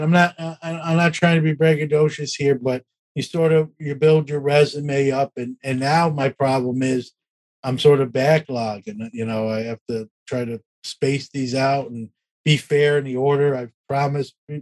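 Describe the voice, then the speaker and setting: A man's voice: mid-range voice, little pitch movement, normal speed, a little mellow. A middle-aged man casually telling a story as an interview guest, rambling and self-deprecating, acting out quoted exchanges. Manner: rambling, self-deprecating, with many restarts and fillers. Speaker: podcast host telling his story as a guest.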